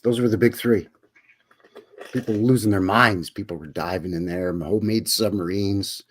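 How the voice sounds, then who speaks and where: This is an easygoing Canadian man from Alberta, co-hosting a relaxed chat show. His voice sits fairly low, and he talks in a loose, joking way. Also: normal speed. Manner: easygoing, joking, says "you know" and "right". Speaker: podcast co-host. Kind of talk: casual chat.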